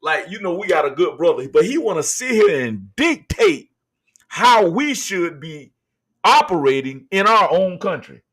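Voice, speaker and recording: A man hosting casual reaction commentary. He talks in an animated, slangy way and addresses the audience as "y'all.". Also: high-pitched, measured pace. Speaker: podcast host.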